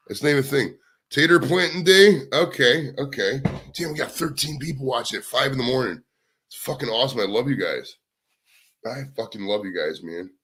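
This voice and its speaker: Young male stream host, rambling and profane, chatting casually to viewers from home, bright forceful tone. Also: medium pitch, a little fast. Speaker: livestream host. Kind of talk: casual livestream chat. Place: home, indoors.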